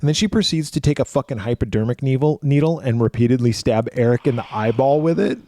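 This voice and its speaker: A man's voice: medium pitch, fast talker, warm tone, no echo. Guy cohost retelling a movie plot, cusses a lot, dry close sound. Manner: profane, rambling retelling with restarts. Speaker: podcast co-host. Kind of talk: casual film recap chat.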